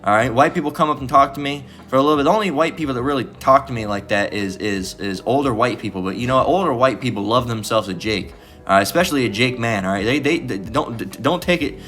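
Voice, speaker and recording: A man's voice: medium pitch, fast talker, fairly bright tone, faint music behind. A man giving an informal bible teaching, rambling with restarts and tagging lines with "all right?". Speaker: preacher.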